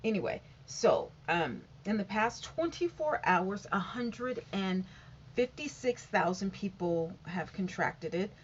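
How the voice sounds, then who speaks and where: A woman's voice: mid-range voice, animated, takes it slowly, muffled recording, slight background noise. A woman vlogging from home, reading out statistics in a rambling, casual way and often stumbling over and correcting the numbers. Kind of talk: casual update reading figures aloud.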